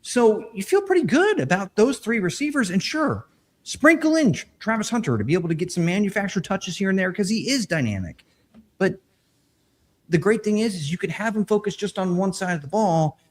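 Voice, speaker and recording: A man co-hosting a fantasy football podcast, animated as he breaks down players and jokes with his co-host. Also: high-pitched, brisk. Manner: animated analyst, jokes and laughs. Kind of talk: casual podcast chat.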